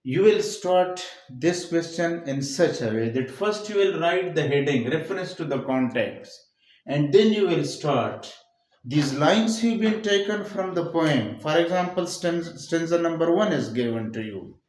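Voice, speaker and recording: A man with a Pakistani English accent lectures on poetry at an unhurried pace, going over each term step by step and repeating it. His voice sits high and swings widely in pitch. The recording carries a roomy echo. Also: expressive, a little mellow. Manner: repeats key phrases, explains step by step. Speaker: English teacher. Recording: echoey room.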